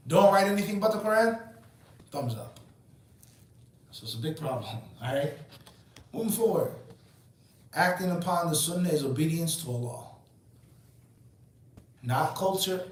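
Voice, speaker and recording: A man in his forties giving an emphatic Islamic lecture, asking rhetorical questions and answering them himself. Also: high-pitched. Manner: emphatic and preachy. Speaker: Islamic teacher. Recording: very echoey room, mic far off.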